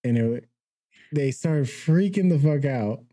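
A young man with a very dark, mellow voice tells a rambling story on a podcast, now and then laughing at his own tale. The sound is dry and close, with no room around it. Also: on the high side, animated, slow, no echo. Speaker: podcast co-host. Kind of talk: casual storytelling.

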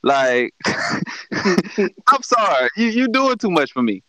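A man's voice: high-pitched, slow, dry recording, poor audio. A man co-hosting a casual podcast chat, telling jokey stories with lots of laughter. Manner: joking, animated storytelling. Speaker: podcast co-host.

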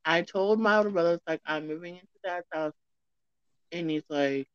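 A woman rambling through a personal story in a relaxed podcast chat. Her recording is dry and a little dull, as if the mic cuts off the high end. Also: moderate pace, smooth, no room sound. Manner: rambling, chatty.

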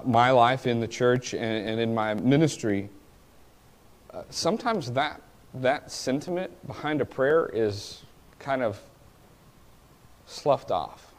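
A male preacher delivers a sermon in a mid-range voice, building up to pleading cries before sinking into quiet, reflective asides.

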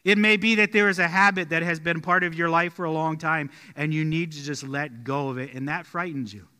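A male pastor preaching in a church sanctuary with a very bright, ringing tone and a fairly high voice. He tells stories and falls quiet and slow on his main points. The sanctuary adds a long, trailing reverb. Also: steady tone. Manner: storytelling, drops quiet and slow on key points. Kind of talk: sermon.

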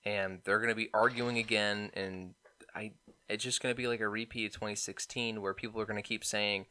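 A young man co-hosting a podcast, ranting excitedly about politics and mocking people in put-on voices. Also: lowish voice, brisk. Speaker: podcast co-host. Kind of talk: casual political banter.

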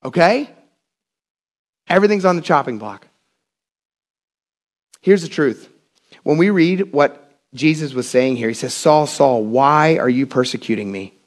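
High-voiced preaching pastor, fervent. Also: male voice, lively intonation, measured pace, long pauses. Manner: conversational and emphatic, rising to passionate shouts. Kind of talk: sermon.

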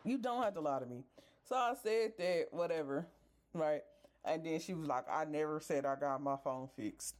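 A woman's voice: low-pitched, moderate pace, a little mellow. Exasperated woman podcast host ranting. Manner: exasperated, swears freely, talks straight to listeners. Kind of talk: casual storytelling rant.

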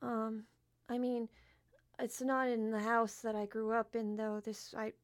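A woman voicing a sad, downhearted teenage girl who sobs and sniffles as she speaks haltingly. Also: fairly high pitch, little pitch movement, natural voice. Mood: mournful.

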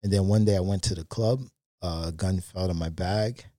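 A man talks as a podcast guest, spinning candid stories in a loose, animated way. His voice sits low and mellow. The sound is close and dry, with no room around it. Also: fairly quick, dry recording. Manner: candid, animated anecdotes with frequent fillers. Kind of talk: casual storytelling.

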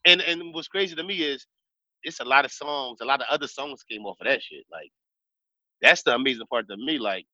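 Casting: brash male podcast co-host, bright lively tone, dry dull recording. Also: mid-range voice, fairly quick, dry recording. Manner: animated, profane, switches to mimicking voices. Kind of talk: casual chat.

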